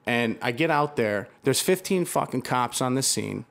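A man's voice: mid-range voice, animated, moderate pace, vocal fry, fairly bright tone. Heated, profane man telling a story. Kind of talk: casual conversation.

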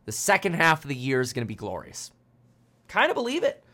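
A man hosting a casual finance livestream, talking animatedly to his chat and jumping between quick asides, sarcastic jokes and chuckles. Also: fairly high pitch, huge pitch swings, pushed and bright, a little hiss or hum. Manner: frequent fillers and restarts, chuckling. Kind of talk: casual market commentary to a live chat.

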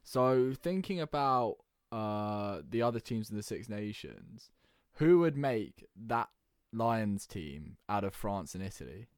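Dry, animated young man in banter. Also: fairly low pitch, slow, hardly any pauses, clear, resonant tone, no echo. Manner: animated, argumentative, rattles off lists. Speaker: podcast co-host. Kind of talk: casual sports banter.

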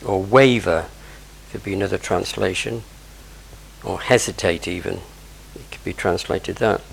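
A man's voice: sits low, steady tone, measured pace, gravelly, slight background noise, rough recording. A man preaching a sermon, explaining scripture verse by verse with conversational asides.

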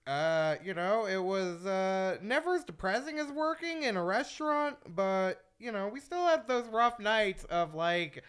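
Bright, clear-voiced man telling stories. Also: sits high, unhurried, few pauses. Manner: animated storyteller, swears freely. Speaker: podcast host. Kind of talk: casual podcast chat.

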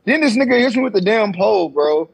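A young man tells a story at a rapid clip in a husky voice, acting out what people said and swearing freely. His voice sits a bit high, and the recording is dull and lo-fi. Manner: animated storytelling, acts out quotes, swears freely. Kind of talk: casual chat. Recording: dull lo-fi sound.

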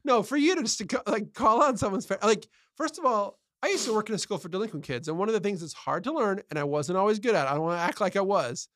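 High-voiced man, chatty podcast co-host. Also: lively intonation, fast, few pauses, a bit bright, no room sound, studio quality. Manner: chatty, laughs often, jumps in with reactions. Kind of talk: casual chat.

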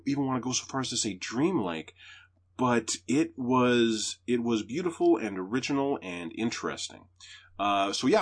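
A man's voice: mid-range voice, husky. A man hosting a podcast, chatting casually about movies and swearing freely. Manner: profane, animated retelling. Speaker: podcast host reviewing movies. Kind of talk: casual chat.

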